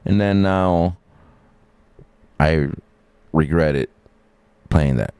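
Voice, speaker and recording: A man's voice: extremely low pitch, extremely slow, darkish tone, clear, resonant tone, dry recording. A man rambling casually and cursing freely while hosting a reaction live stream. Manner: rambling, profane, jokey.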